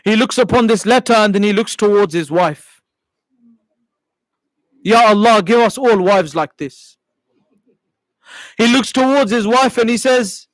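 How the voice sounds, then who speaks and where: A man's voice: high voice, normal speed, pauses often, no echo, low-quality recording. A male preacher impassioned in telling a sacred story during a sermon.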